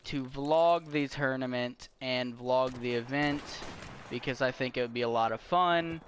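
A teenage guy chatting loosely about his summer plans, breaking off to curse at the match he's playing. His voice sits at a middle pitch. A faint hiss and distant game gunfire run underneath. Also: a little slow. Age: teens. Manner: rambling, swears at the game mid-sentence. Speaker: gaming YouTuber. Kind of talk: casual channel update while playing a shooter.

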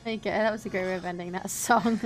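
A young woman in her twenties streaming gameplay, giggly and excitable, swearing freely as she comments. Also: mid-range voice, fast talker, soft background music.

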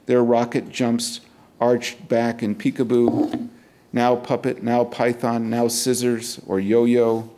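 A middle-aged man, a poet, reading his poems aloud at a university event in a measured, deliberate way, with casual remarks between poems. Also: mid-range voice, mellow. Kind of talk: poetry reading.

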